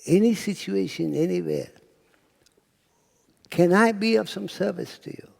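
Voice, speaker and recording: A man's voice: high-pitched, measured pace, gravelly, in a large hall. A man giving a spiritual talk to an audience, telling stories and acting out quotes, sometimes dropping to a near-whisper. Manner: storytelling lecturer, acts out quotes, drops to near-whisper. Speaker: spiritual speaker. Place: lecture hall with audience.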